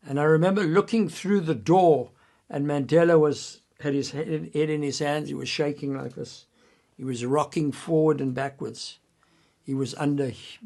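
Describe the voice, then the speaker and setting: An older man telling a personal story earnestly, quoting others in his own voice and dropping low and quiet at tense moments. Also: creaky. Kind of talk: personal anecdote.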